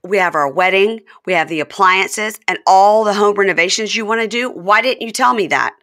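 A woman playing a stunned middle-aged husband, raised voice, bright, plaintive. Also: medium pitch, a little fast, voice pushed up, lightly acted. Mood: incredulous. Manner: incredulous, plaintive.

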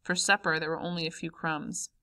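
A woman narrating a memoir audiobook in a calm, measured way. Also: deep voice. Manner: calm, measured, first-person memoir reading. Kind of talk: audiobook reading.

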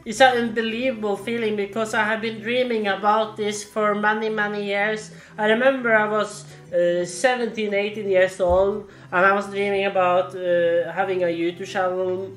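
A woman in her late twenties, a gaming YouTuber reacting live to a subscriber milestone, exclaiming, laughing and repeating herself. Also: medium pitch. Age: late 20s. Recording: echoey room with faint music.

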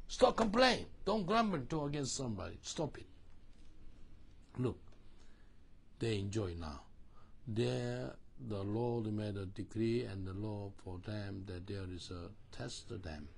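Man, pastor, husky voice, lively rising and falling pitch, call-and-response sermon. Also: a little slow. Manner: animated, call-and-response preaching in non-native English.

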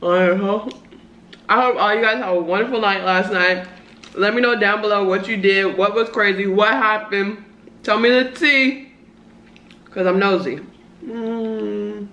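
A woman's voice: mid-range voice, a little slow, bright, forceful tone, highs cut off, slight background noise. A woman in her early twenties vlogging a casual mukbang chat, slangy and talking while eating. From Southern California. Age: early 20s. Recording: roomy echo.

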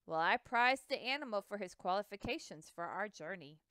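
Woman voicing a jovial teasing male captain, good-humored, smooth voice, dry close sound, storybook. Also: medium pitch, lively intonation, normal speed, fairly bright tone, no echo, natural voice.

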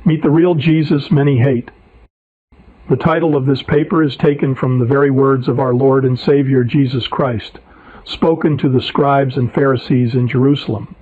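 A man's voice: medium pitch, steady tone, normal speed, no room sound. Man preaching from his paper, emphatic, indignant, tinny phone-like sound, dry. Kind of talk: read sermon narration.

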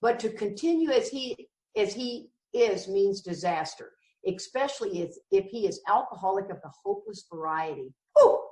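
A woman's voice: medium pitch, expressive, moderate pace, a little mellow, distant mic. A middle-aged woman giving a candid recovery talk in a blunt, emphatic way with wry jokes. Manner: emphatic, blunt and wryly joking. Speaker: recovery meeting speaker. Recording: echoey room, voice from the mic.

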